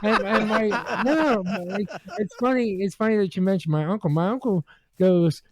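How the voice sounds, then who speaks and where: High-pitched guy rambling through a story on a podcast, lots of restarts and ums, dry close sound. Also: dry recording. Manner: halting, with many restarts and fillers; animated when acting out quotes. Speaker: regular co-host telling a story. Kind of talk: casual podcast chat.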